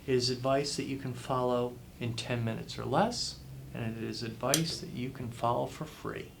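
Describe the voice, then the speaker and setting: Gravelly man giving emphatic advice. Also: medium pitch, fairly even intonation, normal speed, a little hiss or hum. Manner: emphatic, repeats phrases for effect. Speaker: guest author. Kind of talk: interview answers, motivational advice.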